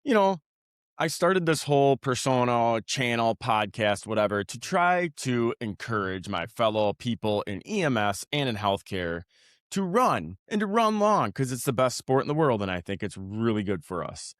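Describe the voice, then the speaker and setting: A man's voice: mid-range voice, sing-song, normal speed, a bit bright, dry recording, clean studio sound. A man hosting his own podcast, ranting in a rambling, profane way with many restarts before settling into casual talk about his work in healthcare. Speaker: podcast host; healthcare worker.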